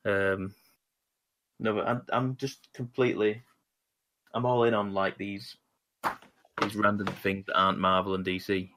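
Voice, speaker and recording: A man with a deep, low voice talks casually on a podcast. He rambles, restarting sentences and filling gaps with "um". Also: flat delivery, measured pace, pauses often, bright, forceful tone, slight background noise. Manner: rambling, many restarts and fillers. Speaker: podcast co-host. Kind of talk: casual chat about comics.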